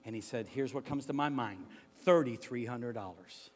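Animated preacher man in a reverberant hall. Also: mid-range voice, normal speed. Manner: animated, swings from hushed to shouting; stammers for comic effect. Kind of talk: storytelling sermon.

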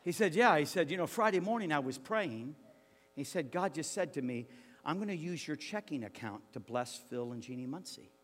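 Animated preacher man in a reverberant hall. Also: a little high, moderate pace. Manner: animated, swings from hushed to shouting; stammers for comic effect. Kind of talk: storytelling sermon.

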